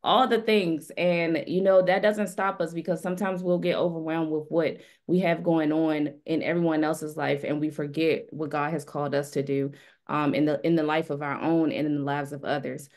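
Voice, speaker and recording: Low-voiced woman panelist. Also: little pitch movement, moderate pace, darkish tone. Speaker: panelist, community founder. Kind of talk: panel introduction.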